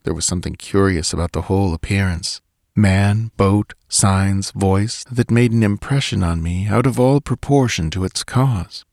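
Low-voiced man reading a story, dry sound. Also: darkish tone, no echo. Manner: measured, deliberate reading. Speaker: audiobook narrator. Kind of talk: scripted story narration.

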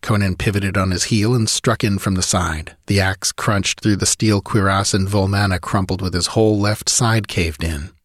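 A man with a fairly low voice reads a dramatic adventure audiobook with vivid, driving storytelling. The sound is dry and close, with no room around it. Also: steady tone, moderate pace, few pauses, no echo. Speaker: audiobook narrator.

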